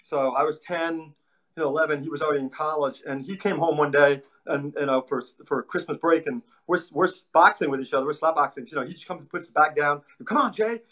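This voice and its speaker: A man being interviewed, a martial arts instructor telling stories in an animated way with a casual manner. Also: a little high, quick pace. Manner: animated storyteller, acts out voices in anecdotes.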